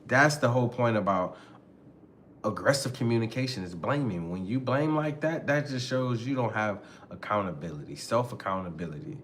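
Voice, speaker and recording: Male host, casual slangy delivery, animated, plays out arguments in skits, lively pitch. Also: moderate pace, a little hiss or hum. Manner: slangy, animated, acts out both sides of arguments. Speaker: podcast host. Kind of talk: casual talk with acted-out skits.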